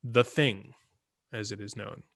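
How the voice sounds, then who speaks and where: Male game master, bright and forward voice, chatty, fills his talk with "uh" and "um". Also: on the low side, steady tone, unhurried. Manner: chatty, many fillers and restarts. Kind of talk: narrating a tabletop game.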